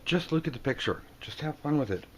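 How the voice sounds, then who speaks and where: A man giving a casual tarot video lesson, joking and acting out the people on the cards in quick silly voices. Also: medium pitch, expressive, slight background noise. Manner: playful, jokey, acts out card characters in quick silly voices. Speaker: tarot teacher.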